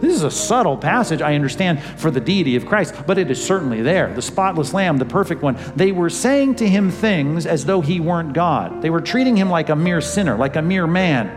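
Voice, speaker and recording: A man's voice: on the high side, expressive, fairly quick, hardly any pauses, in a large hall, over music. A man preaching a sermon as pastor, emphatic and full of rhetorical questions, acting out quoted lines.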